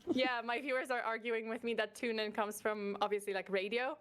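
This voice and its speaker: Giggly, rambling woman with a high voice. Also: steady tone, a little fast, over music. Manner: rambling, self-correcting, giggly. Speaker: guest VTuber who covers mystery cases. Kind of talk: casual interview chat.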